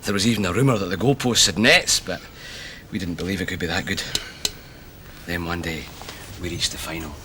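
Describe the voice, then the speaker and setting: A man's voice: deep voice, fairly quick, long pauses, noisy background, close to an everyday voice. An actor playing a wry, middle-aged Glasgow man with a Glaswegian accent who tells dry, witty stories. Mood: wistful. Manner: wry, storytelling, dry wit. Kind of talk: TV comedy drama acting.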